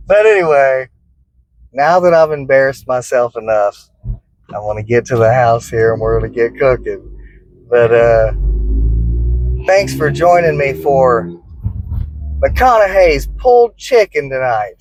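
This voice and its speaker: A man's voice: medium pitch, lively intonation, unhurried, long pauses, a little mellow, slight background noise, low-quality recording. A man hosting his barbecue cooking channel, chatting casually and joking at his own expense while riding in a car. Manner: easygoing, joking, self-deprecating. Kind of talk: casual vlog chat. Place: inside a car.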